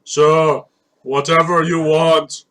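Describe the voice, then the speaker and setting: Ein Mann spricht einen freundlichen jungen Musiker in einem Visual Novel, leise, langsam und ernst. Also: male voice, a little high, little pitch movement, takes it slowly, a bit bright. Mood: caring. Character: kind young male musician, gentle.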